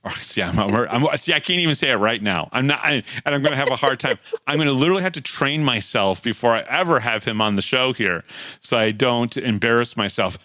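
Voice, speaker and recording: A man's voice: mid-range voice, animated, fast, bright, forceful tone, no echo. Chatty man recapping hockey. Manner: chatty, recaps stats with frequent restarts. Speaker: podcast co-host. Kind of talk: casual sports talk and game recap.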